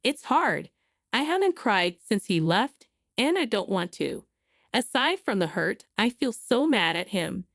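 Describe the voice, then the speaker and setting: A woman voicing a heartbroken young wife who speaks softly and apologetically. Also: mid-range voice, sing-song, measured pace, no echo, clean studio sound, exaggerated voice. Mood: hurt. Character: heartbroken young wife, gentle and self-blaming.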